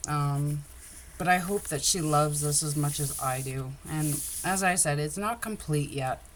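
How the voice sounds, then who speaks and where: A woman's voice: sits low, unhurried, a little hiss or hum. A woman chatting casually on a livestream about her crafts, rambling and openly emotional. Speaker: craft vlogger.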